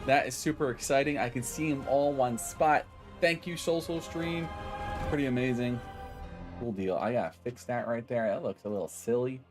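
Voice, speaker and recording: A man's voice: medium pitch, normal speed. Upbeat rambling male streamer, faint music. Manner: rambling, upbeat, greets chatters by name; self-deprecating, loses his train of thought. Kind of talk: casual live-stream chat.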